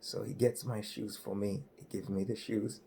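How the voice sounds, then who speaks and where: A man's voice: lowish voice, flat delivery, moderate pace, gravelly, mellow, a little hiss or hum. A man from Malawi, a comedian telling a story on stage and acting out the voices. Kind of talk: stand-up storytelling.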